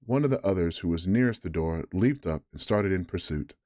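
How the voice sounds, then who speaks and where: A man with a deep, low voice reads a bedtime story aloud in a measured way, now and then tripping over a word. The sound is dry and close, with no room around it. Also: expressive, darkish tone, no echo.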